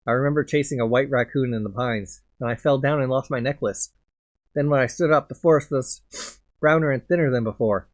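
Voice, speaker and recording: A man doing a scared little girl in a video game, lost far from home and stumbling over her words. Her voice rises anxiously as she asks where everyone has gone. The pitch sits mid-range, neither high nor deep. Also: close to an everyday voice. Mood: shaken. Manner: anxious, halting, stammering. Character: lost frightened little girl from a vanished town.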